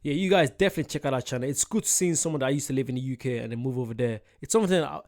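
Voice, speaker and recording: A man's voice: medium pitch, music in the background. A man with an English accent, rambling and joking in a casual reaction chat. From England. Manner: animated, chatty and rambling, quick to joke. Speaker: reaction video host.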